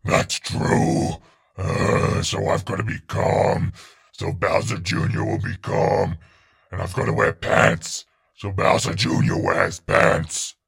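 A man doing sheepish big turtle monster father, really gravelly, slow, flat and monotone. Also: deep voice, heavily acted. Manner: slow, halting, flat delivery.

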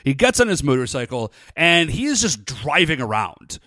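A man's voice: a little high, normal speed, no room sound, clean studio sound. A man co-hosting a podcast, chatting casually as he recaps a TV episode with lots of "like" and "uh". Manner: animated, chatty, lots of fillers. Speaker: podcast co-host.

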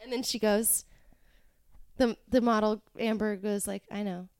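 A woman's voice: mid-range voice, steady tone, a little slow, darkish tone, clear, resonant tone, no echo. A woman guest on a podcast, chatting casually and telling stories with frequent giggles. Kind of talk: casual chat.

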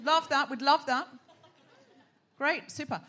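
A woman's voice: sits high, slow, sharp tone. A woman from Australia hosting a live comedy podcast on stage, talking in exclamations, repeating phrases and laughing as she goes. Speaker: host. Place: theatre stage before a live audience.

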